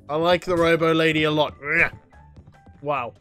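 A young gaming livestreamer with a fairly high voice commentates on his gameplay at a normal speed, smooth but with long pauses. He's excitable, reading viewers' questions aloud and answering them, often laughing or yelping suddenly, while faint game music plays in the background.

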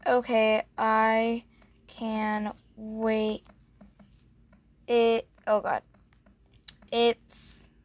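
A young woman on the high side of the pitch range provides casual gameplay commentary in a dry recording. As a gaming vlogger she gushes, lets out breathy gasps and says "like" a lot.

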